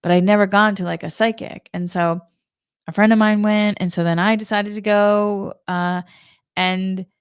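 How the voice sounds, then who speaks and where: A woman's voice: medium pitch, steady tone, moderate pace, clear, resonant tone, no echo, clean studio sound. A woman giving a spiritual energy talk in a chatty way, telling a personal story and laughing often. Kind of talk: casual spoken monologue.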